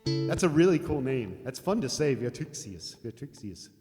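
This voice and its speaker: An older American man chats casually with viewers on a live music stream, rambling, laughing and swearing some. His voice is fairly high with lively intonation at normal speed, with long reverb and guitar music behind him.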